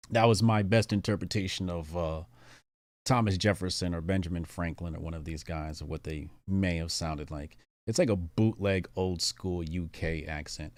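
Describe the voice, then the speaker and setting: A man's voice: low voice, a little mellow, dry recording. A man hosting a livestream, reading viewer messages in a laid-back, rambling way with many fillers. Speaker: livestream host.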